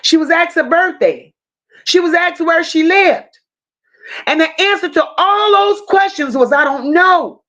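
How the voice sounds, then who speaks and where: A woman's voice: very high-pitched, unhurried, a bit bright, lo-fi sound. A woman hosting a casual true crime livestream, telling the story bluntly and with strong emotion, swearing freely and talking straight to her viewers. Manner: addresses viewers directly.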